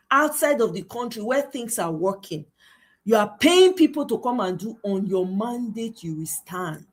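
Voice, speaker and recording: A Nigerian woman with a Nigerian accent, slipping into Pidgin, hosting a political livestream and mocking with laughing asides and exclamations. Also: on the high side. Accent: Nigerian, mixing Nigerian Pidgin. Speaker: livestream host.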